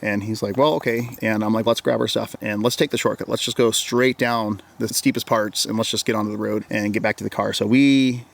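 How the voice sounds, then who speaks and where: Low and creaky, this man's voice barely changes pitch, and he talks briskly with hardly any pauses. He's a wilderness guide from Oregon, casually recounting an encounter at length as an interview guest. He rambles, repeats his words, and quotes himself with "I'm like."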